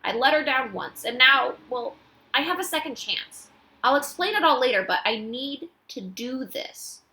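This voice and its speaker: A woman's voice: high-pitched, animated, moderate pace, sharp tone, voice pushed up, heavily acted. A woman doing a scrappy, wry little dog named Bob. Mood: earnest. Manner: dry, protective, confiding. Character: small scrappy male dog, loyal, wry.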